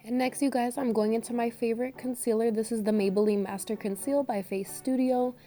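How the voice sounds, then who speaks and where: A woman's voice: on the high side, fairly even intonation, brisk, over music. A young woman vlogger narrating a makeup tutorial in an upbeat, chatty way, her voice a little harsh from being sick. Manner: chatty, upbeat, addresses viewers as beauties and girl. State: getting over an illness, voice a bit harsh. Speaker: beauty vlogger.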